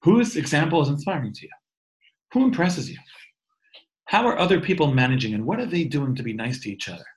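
A man's voice: fairly high pitch, animated, fairly quick, rough recording. A man in his thirties giving an informal, earnest talk on faith and wellbeing over a video call, often repeating and restarting words. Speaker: teacher.

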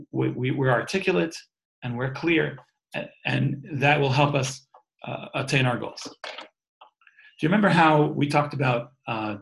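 A man around forty teaches a call-in class in an easygoing, conversational way. His voice sits at an ordinary middle pitch. He thinks aloud, restarts his sentences and drifts into personal stories. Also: poor audio. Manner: explains terms letter by letter, storytelling asides. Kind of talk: informal spiritual lecture.

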